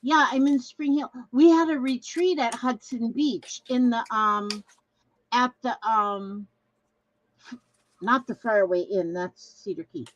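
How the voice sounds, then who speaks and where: An older Minnesota woman hosts a craft livestream, chatting casually and reading viewer comments aloud before trailing off mid-sentence. Her voice sits on the high side and moves a little slowly, and the audio sounds dull.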